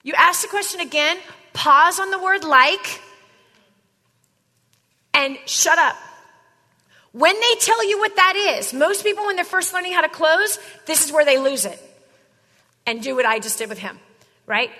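Woman, sales trainer, high voice, emphatic, long hall reverb. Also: a little slow, pauses often, sharp tone. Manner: emphatic, drills points with repeated "right?" and "okay?". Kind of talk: live sales coaching session.

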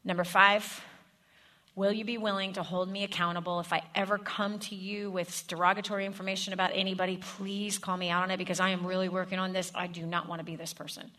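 A woman delivering a sermon with a bright, forceful tone. She talks straight to her listeners, walking them through step-by-step scripts and checking in with repeated questions. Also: fairly low pitch, little pitch movement, fast. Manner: direct, coaching the audience with scripts and repeated questions.

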